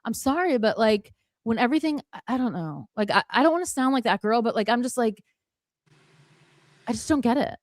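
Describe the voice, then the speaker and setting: A woman's voice: fairly high pitch, lively intonation, a little fast, no room sound. A woman co-hosting a casual livestream chat, rambling and emphatic, full of fillers and restarts, swearing casually. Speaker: podcast co-host.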